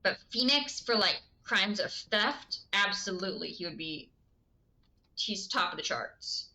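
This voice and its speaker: A woman's voice: mid-range voice, animated, measured pace, sharp tone. A woman streaming a game live, chatting casually with her viewers and giggling often. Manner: chatty, giggly, answers chat.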